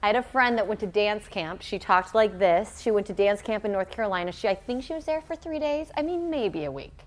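A woman's voice: medium pitch, lively intonation, a little fast. A woman giving a playful talk to a youth audience. She jokes and keeps asking them questions. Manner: playful, joking, quizzing the audience. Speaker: church youth speaker.

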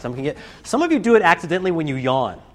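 A man giving a storytelling talk to a student audience, animated and acting out scenes and voices. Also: fairly high pitch, racing. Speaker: speaker addressing students. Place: live talk to a group.

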